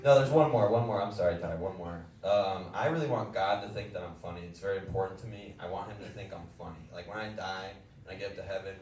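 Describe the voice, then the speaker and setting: A young man rambles through a stand-up set, self-deprecating and loose, chatting with the crowd between bits. His voice sits low. It is caught from a distance in an echoey club, with noise and laughter in the room. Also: fast talker, hardly any pauses, darkish tone. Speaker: stand-up comedian. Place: comedy club stage. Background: audience laughter.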